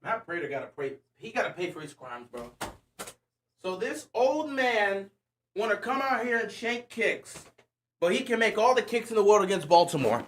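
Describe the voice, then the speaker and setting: A man's voice: high-pitched, expressive, moderate pace, fairly bright tone. A man hosting a live stream, calling a football game play by play and ranting at it in slangy, exasperated bursts. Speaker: livestream host. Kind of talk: live game watch-along commentary.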